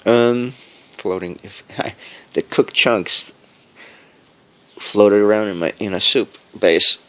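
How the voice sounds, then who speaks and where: A man giving a rambling personal monologue about his home cooking and health. He is halting and digressive, repeats himself often, and chuckles as he goes. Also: lowish voice, a bit bright. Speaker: home cook sharing health updates.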